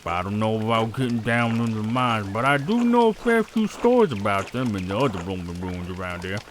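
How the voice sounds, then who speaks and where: A man putting on a gruff older charcoal burner, folksy rustic storyteller, lively sing-song pitch, faint hiss behind. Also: fairly quick.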